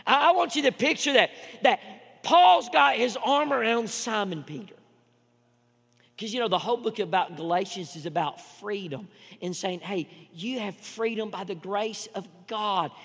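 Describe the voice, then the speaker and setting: High, gravelly-voiced man preaching in a hall. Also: moderate pace. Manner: emphatic preaching with repetitions, swinging from loud to hushed. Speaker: pastor. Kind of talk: sermon.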